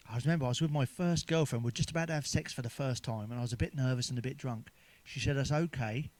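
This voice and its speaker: A man's voice: medium pitch, darkish tone. A middle-aged man telling crude stand-up jokes, swearing often and laughing at his own punchlines. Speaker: stand-up comedian. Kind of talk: stand-up jokes told to camera.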